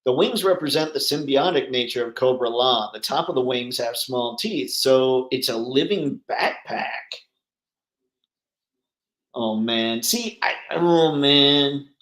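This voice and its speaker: A man's voice: mid-range voice, slow, a bit bright, reverberant, poor audio. A man hosting a casual live stream, chatting and reading out viewer comments with rambling, easygoing talk and easy laughs. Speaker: livestream host.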